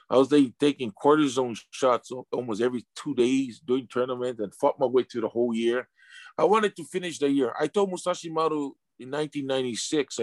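A man's voice: medium pitch, dry recording. Man telling emotional story, dry sound. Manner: emotional, stumbling over repeated words. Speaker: interview guest, retired sumo wrestler. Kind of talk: casual storytelling interview.

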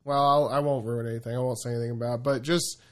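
A man's voice: medium pitch, fairly even intonation, quick pace. A man hosting a podcast in casual, rambling banter, laughing and swearing often. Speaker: podcast host.

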